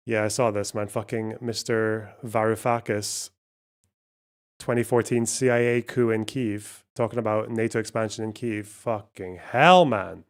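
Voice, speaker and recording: A man's voice: lowish voice, fairly even intonation, a little slow. A man hosting a live stream, commenting on news in a casual, profane, sardonic way and thinking aloud. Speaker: streamer host.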